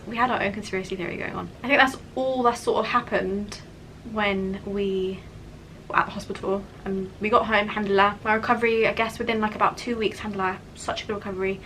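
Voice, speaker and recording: A woman's voice: medium pitch, fast talker, fairly bright tone, slight background noise, low-quality recording. A young woman telling a personal story in a candid, chatty vlog, with many "like" fillers. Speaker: vlogger.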